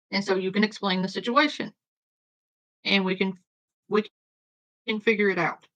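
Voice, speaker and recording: A woman hosting a live stream, speaking calmly and reassuringly to a caller. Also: mid-range voice, unhurried. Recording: dull, lo-fi stream audio.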